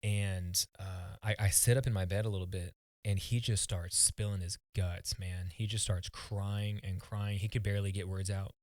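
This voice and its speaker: A man with a fairly low voice tells a personal story as a podcast guest, earnest and halting, often restarting his words. The sound is dry and close, with no room around it. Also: flat delivery, darkish tone, no echo. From United States.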